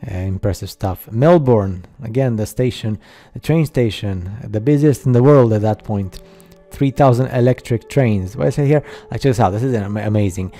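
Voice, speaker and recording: Halting skeptical man, dark voice. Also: fairly low pitch, faint music behind. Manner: halting, skeptical, many fillers. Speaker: video narrator. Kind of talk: casual voice-over over slideshow.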